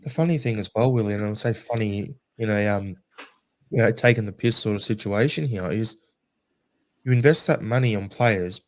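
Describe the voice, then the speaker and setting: A man hosting a casual football chat podcast, his voice going hoarse as he steers the talk and hands questions to his co-hosts. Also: on the low side, moderate pace. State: losing his voice. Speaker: podcast host.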